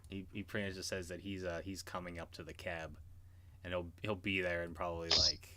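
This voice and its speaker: A man's voice: low voice, little pitch movement, brisk, very noisy. A man narrating as game master in an online tabletop game, hesitant and full of restarts. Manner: hesitant, many restarts and fillers.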